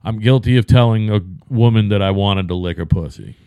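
A man's voice: on the low side, a little fast, smooth, no room sound, narrow, tinny audio. A man in his fifties with a Boston accent, swearing freely in blunt casual banter. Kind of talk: casual chat.

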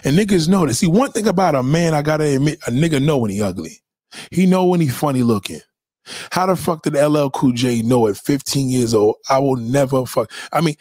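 A man hosting a livestream, reading chat and ranting in a blunt, mocking, animated way. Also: medium pitch, no room sound, studio quality. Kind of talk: casual profane rant.

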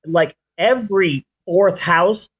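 A man in his forties hosting a podcast, chatting casually and telling stories in an animated way. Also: sits high, takes it slowly, husky. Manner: animated storyteller, does sound effects. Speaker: podcast host. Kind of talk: casual chat.

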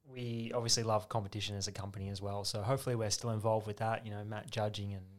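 A man's voice: fairly low pitch, level tone, fast. A man, a competition barista, chatting cheerfully as a guest in a casual podcast interview.

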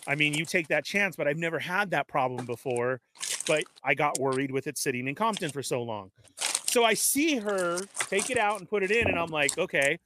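A man telling an animated story in casual chat, laughing often and acting out the dialogue. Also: fairly high pitch, brisk, background noise. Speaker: show regular telling a story.

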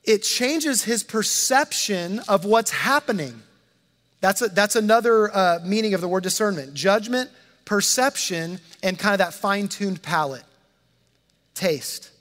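A man with a high voice preaches a sermon in a relaxed, conversational way, often repeating his words and acting out the quotes. His voice rings with a long reverb, as if in a large hall. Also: slow pace. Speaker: pastor.

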